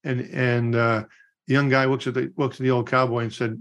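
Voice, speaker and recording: A middle-aged man co-hosting a podcast, chatting casually and telling stories with animated quotes. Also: medium pitch, a little fast. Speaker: podcast co-host. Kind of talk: casual chat.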